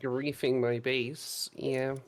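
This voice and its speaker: A woman playing along in a game chat, giving brief calm replies and questions. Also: a bass voice, slow pace, slight background noise. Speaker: co-player. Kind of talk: casual gaming chat.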